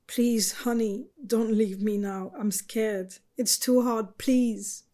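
A woman's voice: fairly high pitch, fairly even intonation, slow pace, dark tone. A woman voicing a hurt, bitter butch lover. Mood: begging. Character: hurt, angry young butch lover being left.

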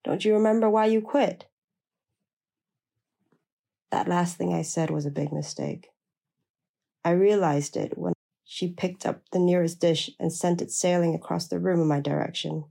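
A woman narrates a first-person memoir in a low, gravelly voice. Her tone is dark and mellow, and her delivery is blunt and plain-spoken. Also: steady tone, moderate pace.

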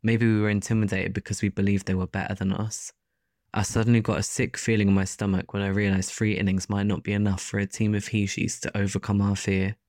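A man narrating a first-person story as an audiobook in a steady, even delivery. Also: lowish voice, fast talker, no echo, clean studio sound.

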